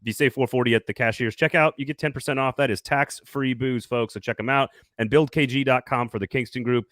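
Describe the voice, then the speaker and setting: A man co-hosts a sports talk show in a casual, jokey way. His voice sits at an average pitch and sounds dry and close. He laughs often and hypes his co-host. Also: fairly even intonation, fast, a bit bright, no echo. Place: Nashville studio.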